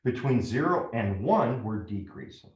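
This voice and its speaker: Man, math teacher, walks through each step, animated delivery, roomy echo. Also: mid-range voice, a little slow, highs cut off. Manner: step-by-step, asks frequent "right?" checks. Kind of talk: classroom lecture at a whiteboard.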